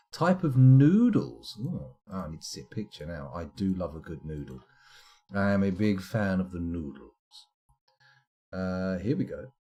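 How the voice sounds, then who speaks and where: A man's voice: fairly low pitch, dark tone. A man streaming a game live, chatting and rambling to himself as he plays. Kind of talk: live let's-play commentary.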